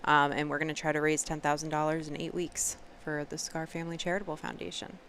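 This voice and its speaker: A woman's voice: sits low, flat delivery, quick pace, a bit bright, a little hiss or hum. A woman co-hosting a podcast in casual chat, talking freely with frequent ums. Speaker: podcast co-host.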